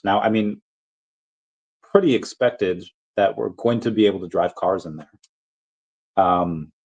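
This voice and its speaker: A man hosting a casual livestream, reading viewer comments and rambling off on tangents. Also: on the low side. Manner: rambling, easily sidetracked, self-interrupting. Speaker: crypto livestream host.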